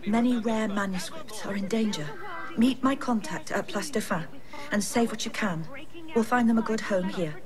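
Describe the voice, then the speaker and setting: An actress voicing a businesslike Parisian café owner who gives a matter-of-fact mission briefing in a video game. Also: female voice, medium pitch, moderate pace, pauses often, lightly acted. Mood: urgent. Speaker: game character giving a mission. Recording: game audio over busy crowd noise.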